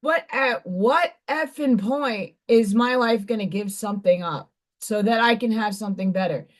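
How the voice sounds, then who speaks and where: A woman in her forties hosting a livestream, her voice hoarse and partly gone, venting bluntly and profanely with exasperation. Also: fairly high pitch, normal speed. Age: 40s. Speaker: livestream host. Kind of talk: casual venting livestream chat.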